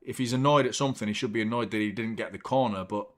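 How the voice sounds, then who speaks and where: Excitable sweary man hosting a watchalong. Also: lowish voice, fast. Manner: excitable, swears freely, chatty with the live chat. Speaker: host of a football watchalong stream. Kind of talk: live match commentary and chat with viewers.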